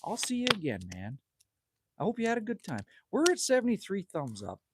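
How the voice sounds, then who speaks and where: His voice sits high, swings hugely in pitch and runs a little fast, with a little hiss or hum behind it. The speaker is a Canadian livestream host in his fifties, casually reading comments and bantering crudely outdoors by the campfire at his cabin.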